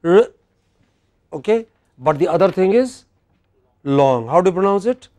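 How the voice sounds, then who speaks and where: A man with an Indian English accent teaching a classroom lecture, slow and deliberate, often putting questions to the class. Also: high-pitched, animated, darkish tone.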